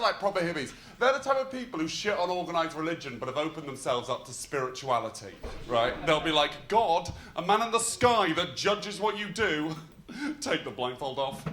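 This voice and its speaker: A young man from North Yorkshire with a posh, loud voice, doing a rambling, self-mocking stand-up set in a comedy club. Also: fairly high pitch. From North Yorkshire, England. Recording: roomy live club sound with crowd.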